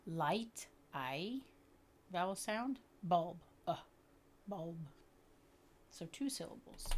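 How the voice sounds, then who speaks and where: A woman's voice: lowish voice, a little hiss or hum. Patient woman teaching a reading lesson. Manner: patient, explanatory, checks in with "okay?"; sounds out words slowly. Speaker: literacy teacher. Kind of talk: instructional video lesson.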